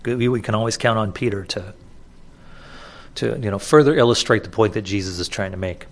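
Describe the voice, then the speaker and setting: A man's voice: lowish voice, a little fast. Conversational man preaching a sermon. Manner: conversational, repeats words for emphasis. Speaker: pastor. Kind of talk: expository sermon.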